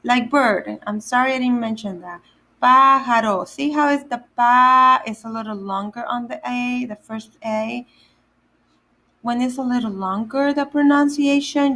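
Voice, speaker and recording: A day camp Spanish teacher gives children a vocabulary lesson, saying each word slowly and spelling it out letter by letter. Her voice sits on the high side, and the recording quality is low.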